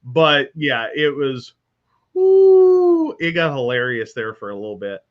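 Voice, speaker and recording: A man's voice: a little high, takes it slowly. A man co-hosting a podcast in casual chat, teasing and laughing as he tells stories. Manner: teasing, laughing, animated storyteller. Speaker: podcast co-host. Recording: dull lo-fi sound.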